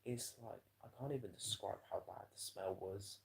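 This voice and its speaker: A man's voice: fairly low pitch, normal speed, vocal fry, breathy edge. A man, livestreaming and telling a rambling, profane story to his chat in a casual way.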